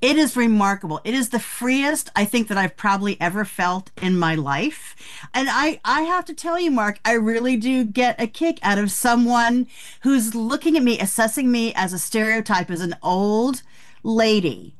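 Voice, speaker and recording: Frank older woman, slightly high voice. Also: moderate pace. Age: 60s. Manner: frank, animated storytelling with laughs. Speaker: author guest. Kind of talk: candid interview talk.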